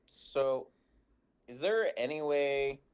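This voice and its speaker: A man playing in a tabletop game, speaking haltingly and searching for words. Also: mid-range voice, expressive, smooth. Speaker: player.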